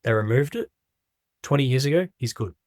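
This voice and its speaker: A man's voice: mid-range voice, lively intonation, darkish tone, dry recording, clean studio sound. Emphatic man telling stories. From Australia. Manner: emphatic storyteller, quick rhetorical questions. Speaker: podcast guest. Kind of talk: casual podcast conversation.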